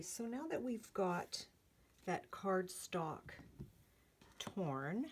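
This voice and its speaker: An older woman hosting a card-making channel, talking through a craft tutorial in a gentle, earnest way with many pauses and fillers. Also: fairly low pitch, slight background noise.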